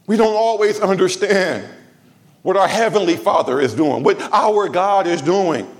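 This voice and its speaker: A pastor from Los Angeles preaching in church, his somewhat high voice swinging widely up and down. He talks to the congregation in a loose, conversational way, mixing humor and side remarks into the sermon. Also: lively intonation, a little slow. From Los Angeles, USA.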